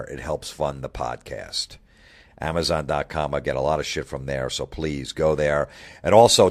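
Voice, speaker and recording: A middle-aged man hosting a comedy podcast, ranting bluntly and swearing constantly. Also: rumbling low. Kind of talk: profane comedic rant.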